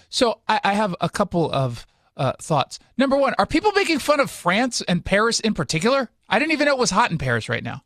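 A man's voice: high-pitched, huge pitch swings, fairly quick, a bit bright, no room sound, studio quality. An American man hosting a casual commentary chat, wry and sarcastic in his delivery. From United States.

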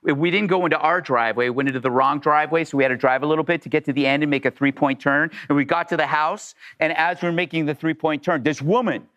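A man's voice: fairly high pitch, fast, hardly any pauses, dull audio. A man in his thirties hosting a casual chat, telling stories and acting out the people in them. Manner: animated storyteller, acts out quoted voices. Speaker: host.

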